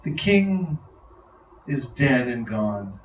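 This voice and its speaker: A man's voice: medium pitch, sing-song, very slow, a little hiss or hum. A man voicing grieving queens. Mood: mournful. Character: grieving royal queens, adult women, mournful. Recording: roomy hall, mic far off.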